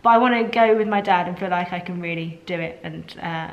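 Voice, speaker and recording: A woman's voice: fairly low pitch, fairly quick, highs cut off. A woman, talking casually in a video diary, rambling and self-deprecating with plenty of restarts and asides. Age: 30s. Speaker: vlogger.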